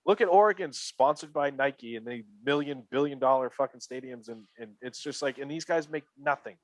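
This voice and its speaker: A man's voice: mid-range voice, brisk, no echo. A man co-hosting a sports podcast, ranting heatedly, repeating himself and swearing. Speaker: podcast co-host. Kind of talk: casual sports chat.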